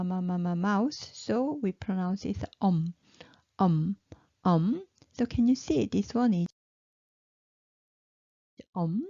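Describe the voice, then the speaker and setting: A woman's voice: mid-range voice, vocal fry, mellow, no room sound. A woman teaching pronunciation, saying each syllable three times and praising her learners. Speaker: Korean language teacher. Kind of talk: slow, drilled pronunciation lesson. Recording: slightly dull, lo-fi recording.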